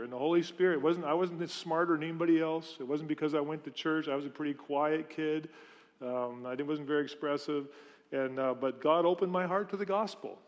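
Man preaching a sermon in a reverberant church. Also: on the high side. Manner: conversational, storytelling, asks the congregation questions. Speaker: pastor. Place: church sanctuary.

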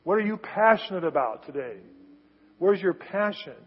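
A husky, fairly high-voiced man preaches to his congregation, acting out scripture scenes in a casual, conversational way. His voice rings through a church sanctuary with a long reverb, and the recording sounds a little dull. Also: lively intonation, normal speed. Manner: conversational preaching, acts out biblical dialogue with rising intensity. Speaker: pastor. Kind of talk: sermon.

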